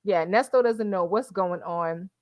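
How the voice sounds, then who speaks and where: A woman's voice: mid-range voice, a little slow, a little mellow, no echo. A woman hosting a casual livestream who chats with her viewers, calls them y'all and laughs often. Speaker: livestream host reading the chat.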